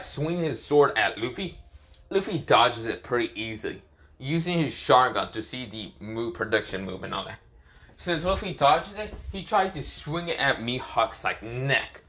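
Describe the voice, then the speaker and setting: Bright-voiced young man rambling a fan story. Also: mid-range voice. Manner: rambling, swearing, frequent restarts. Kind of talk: casual fan-story narration.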